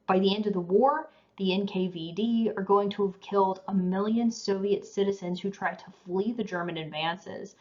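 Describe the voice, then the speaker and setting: A woman giving a history lecture in a casual, conversational way, tired and yawning now and then. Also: medium pitch. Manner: casual, conversational, says you know and um. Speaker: teacher. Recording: dull lo-fi recording.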